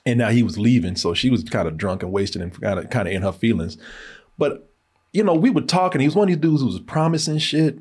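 A man's voice: mid-range voice, expressive, fast talker, darkish tone, slightly rough. A man co-hosting a casual chat, telling a long story with profanity, laughter and acted-out quotes. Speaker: podcast co-host.

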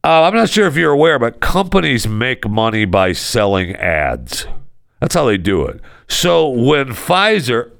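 A man hosts a talk show, ranting sarcastically and sounding openly exasperated. His low voice carries a gravelly edge, and it swings widely in pitch. The sound is dry and close, with no room around it. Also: animated, moderate pace, fairly bright tone, dry recording. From United States. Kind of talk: casual ranting commentary.

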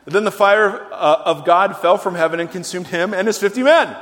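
Male preacher, high voice, chatty and wry, keeps asking the congregation questions. Long hall reverb. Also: moderate pace, a bit bright. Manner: conversational, asks the audience questions, wry humor. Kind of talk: sermon.

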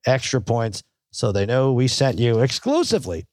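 Guy hosting a sports podcast, jokey, dry close mic, mid pitch. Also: very animated, normal speed, darkish tone, no room sound. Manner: jokey, reads ad copy, laughs often. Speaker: podcast host. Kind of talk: casual sports chat.

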